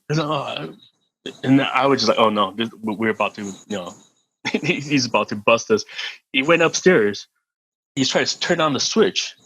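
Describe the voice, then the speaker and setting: A middle-aged man, a podcast guest, telling a story in a casual, animated way, laughing and swearing freely and often repeating words. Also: medium pitch, husky, poor audio.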